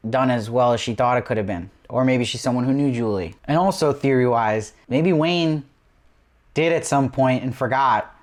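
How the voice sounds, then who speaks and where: A man's voice: medium pitch, normal speed. A man hosting his own TV review show, recapping an episode eagerly and piling up rhetorical questions. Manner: enthusiastic, asks lots of rhetorical questions. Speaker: TV review host.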